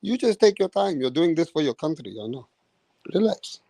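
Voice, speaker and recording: A fawning boxing referee , as an Englishman puts him on, coos in a hushed, coaxing murmur, sitting higher than most men. The sound is dry and close, with no room around it. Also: very animated, moderate pace, dry recording. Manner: hushed, coaxing, mock-gentle. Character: fawning, overly soothing male boxing referee.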